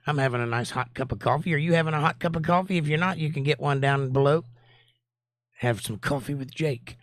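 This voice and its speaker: A man's voice: fairly high pitch, a little fast, studio quality. Southern guy in his 40s, chatty livestream host, greets everyone by name, no room echo. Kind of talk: casual livestream chat.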